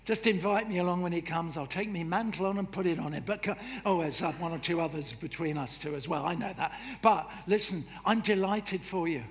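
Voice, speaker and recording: A man preaching a sermon in a lively, humorous way, acting out voices and jokes. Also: sits high. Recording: echoey hall with faint noise.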